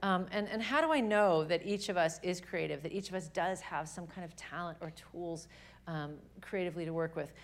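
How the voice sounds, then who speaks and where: A young adult woman giving an earnest, animated faith talk to a live audience at a women's gathering, often restarting her sentences. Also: on the low side, moderate pace.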